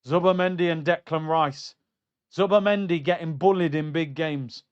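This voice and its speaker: A man's voice: high-pitched, normal speed, dull audio. A man hosting a live football watchalong, ranting in exasperation and reading out chat messages. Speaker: host of a football watchalong stream.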